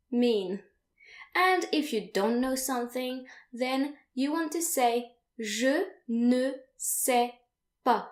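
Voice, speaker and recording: Young woman, language teacher, higher voice, slow careful delivery, echoey room. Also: darkish tone. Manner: slow, careful, repeats phrases for learners. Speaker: French teacher. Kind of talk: online language lesson.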